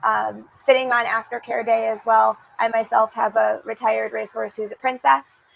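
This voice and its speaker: A woman's voice: fairly high pitch, level tone, moderate pace, gravelly, slight background noise, rough recording. A woman in her thirties, a guest on a racing show, talking with heartfelt enthusiasm and frequent restarts. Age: 30s. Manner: gushing, heartfelt, with many restarts. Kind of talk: enthusiastic interview talk. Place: racetrack broadcast set.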